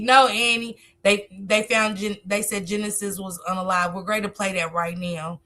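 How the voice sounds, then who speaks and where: A woman's voice: medium pitch, fairly even intonation, normal speed, hardly any pauses, pushed and bright. A woman hosting a casual live stream, talkative, reading viewer comments aloud and answering them.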